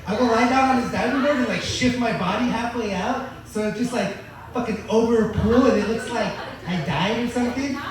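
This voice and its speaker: Dude doing crude open mic standup, super echoey room, sounds far off from the mic. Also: male voice, very high voice, brisk. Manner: crude, profane and deadpan-boasting. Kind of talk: stand-up comedy set.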